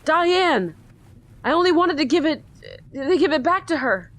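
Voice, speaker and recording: A woman's voice: high-pitched, big pitch swings, unhurried, a bit bright, pitched above the performer's own voice, heavily acted. A woman voicing a distraught sixteen-year-old boy from a video game, pleading and broken-up as she reads his lines. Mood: remorseful. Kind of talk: reading game dialogue aloud.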